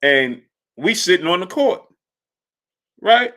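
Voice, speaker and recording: Casting note: a man with a bright, forceful voice hosting a laid-back sports stream, telling rambling stories and greeting chat viewers. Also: sits high, animated, measured pace, pauses often. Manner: loose storytelling, shouting out chat viewers by name. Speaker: livestream sports show host. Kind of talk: casual live-stream chat.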